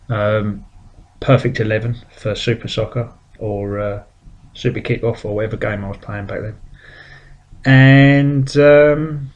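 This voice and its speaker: A man's voice: mid-range voice, dull audio. A man with a British accent hosting a weekly drawing show, chatting casually and telling self-mocking stories. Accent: British English. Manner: self-mocking storyteller, acts out quotes. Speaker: webcomic artist and show host. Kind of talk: casual rambling chat while drawing.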